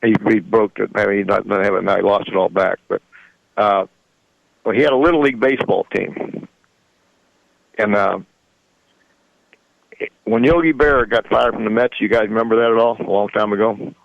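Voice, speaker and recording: A man's voice: on the low side, fairly even intonation, normal speed, vocal fry, pauses often, dry recording, highs cut off. A man in his sixties, a radio show guest, telling rambling stories in folksy grammar and chuckling often. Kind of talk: casual storytelling.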